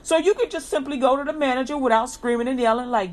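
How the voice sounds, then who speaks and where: A woman's voice: high-pitched, fast talker, hardly any pauses. A woman preaching an informal inspirational sermon, talking colloquially and repeating an upbeat slogan again and again. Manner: colloquial, repeats a slogan, acts out lively quoted greetings.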